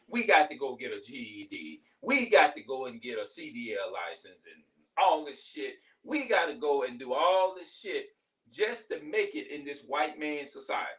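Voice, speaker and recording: A man's voice: on the high side, fairly bright tone, far from the mic. A middle-aged man venting in a heated, profane, rambling monologue, repeating himself as he goes. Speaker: vlogger.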